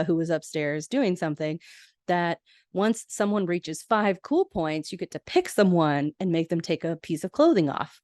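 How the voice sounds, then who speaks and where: A woman's voice: fairly low pitch, dry recording, clean studio sound. A young adult woman hosting a podcast, recapping sitcom episodes in a chatty, casual way and quoting characters playfully.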